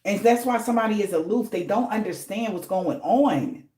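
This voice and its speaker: A woman's voice: medium pitch, lively intonation, normal speed, dark tone, reverberant. A woman giving a casual spiritual reading, blunt and slangy, swearing freely for emphasis. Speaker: tarot reader.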